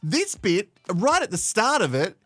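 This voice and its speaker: Laughing host, lively high voice. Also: male voice, measured pace. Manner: laughs often, swears, sarcastic. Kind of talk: live reality-show recap.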